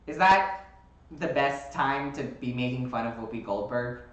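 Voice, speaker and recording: Man, casual host, rambling, animated, mid pitch, echoey room. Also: unhurried. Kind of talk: casual chat.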